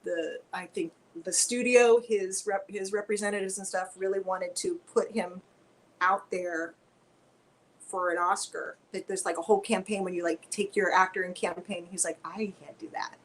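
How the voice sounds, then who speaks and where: A woman guest on a video-call Q&A, chatting in a lively, rambling way. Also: mid-range voice, normal speed, slight background noise, rough recording. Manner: chatty, animated, tangents.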